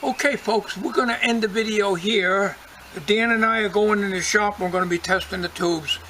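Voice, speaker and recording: A man's voice: high voice, fairly even intonation, moderate pace, bright, forceful tone, a little hiss or hum, rough recording. An older man hosting his channel, chatting casually and folksily to viewers with a chuckle. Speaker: channel host.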